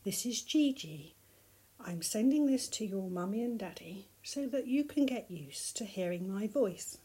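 Gentle older woman reading softly. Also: medium pitch, expressive, husky. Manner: soft, gentle, slow. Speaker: grandmother. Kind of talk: reading a picture book aloud.

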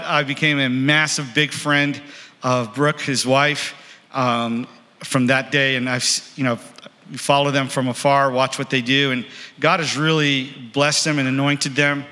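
A man's voice: fairly high pitch, pushed and bright. A man leading a church service, introducing a guest speaker in a rambling, friendly way. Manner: rambling, friendly, full of fillers. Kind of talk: church announcements. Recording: reverberant church hall.

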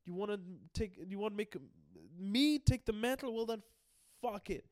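A man's voice: sits high, normal speed, dry recording, lightly acted. A man voicing a grief-stricken young swordsman who vows to be the best, in casual, impassioned paraphrase. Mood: angry grief.

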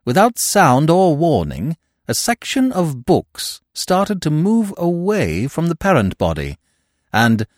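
A man narrating a classic comic novel in an expressive, wry storytelling manner. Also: mid-range voice, no room sound, clean studio sound. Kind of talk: scripted audiobook narration.

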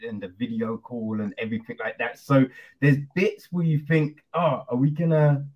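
A man with a husky, slightly breathy voice chats loosely through an interview, leaning on fillers as he talks. The sound is dull and lo-fi. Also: medium pitch, steady tone, normal speed. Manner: loose and chatty, many fillers. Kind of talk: casual interview chat.

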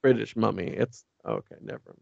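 Gravelly-voiced man reading comics aloud. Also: fairly low pitch, normal speed, dry recording, highs cut off. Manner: reads comic dialogue with playful voices, laughs often. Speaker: podcast co-host.

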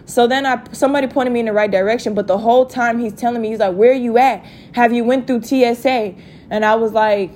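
A young woman telling a story to her viewers in a casual rant, profane and animated. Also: mid-range voice, slight background noise. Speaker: vlogger.

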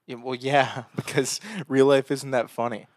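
A man's voice: mid-range voice, level tone, moderate pace. A young man co-hosting a casual podcast, loose and joking, swearing freely as he chats. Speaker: podcast co-host. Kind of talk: casual chat.

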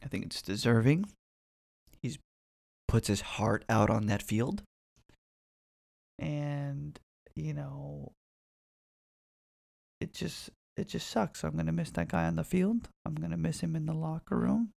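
Gravelly, profane young man rambling. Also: fairly high pitch, a little slow, pauses often, darkish tone, no echo. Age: 20s. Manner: rambling, profane, restarts often. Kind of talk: casual solo rant.

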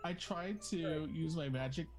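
Lower-voiced woman player. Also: unhurried, darkish tone, faint music behind. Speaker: tabletop game player. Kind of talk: casual tabletop game chat.

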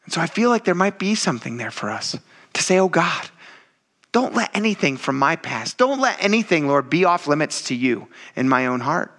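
Bright, animated male preacher. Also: normal speed. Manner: animated, conversational, laughs often; swings between low quiet asides and high excited stretches. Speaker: pastor. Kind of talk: sermon.

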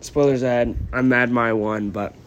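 A man's voice: medium pitch, steady tone, moderate pace, highs cut off, a little hiss or hum. A young man chatting casually and meandering on his podcast while fighting a cold and yawning, with lots of ums and apologies. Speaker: vlogger and podcaster. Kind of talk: casual rambling chat.

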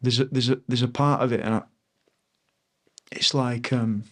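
Reflective man in his thirties, mid-pitch. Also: steady tone, moderate pace. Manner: reflective, earnest, searching for words. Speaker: podcast guest, former rugby player. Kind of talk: conversational podcast interview.

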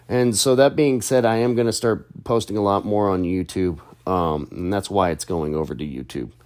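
A man's voice: on the low side, a little mellow. A young adult man and content creator, talking in a casual, chatty monologue full of restarts and fillers.

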